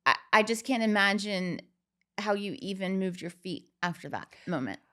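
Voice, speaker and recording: A woman hosting an interview, gentle and sympathetic, with many affirming murmurs. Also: medium pitch, expressive, normal speed. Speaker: podcast host.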